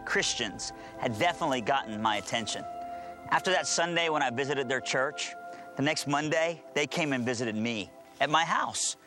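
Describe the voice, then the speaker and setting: A man's voice: medium pitch, a bit bright. A man telling his conversion story and preaching in an earnest, emphatic storytelling manner. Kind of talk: testimony and sermon.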